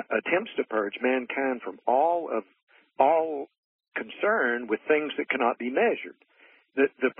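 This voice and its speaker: A man's voice: mid-range voice, breathy edge, no room sound. A man earnestly teaching in conversation, retelling stories with little voiced quotes and frequent restarts. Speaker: guest. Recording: muffled phone-line sound.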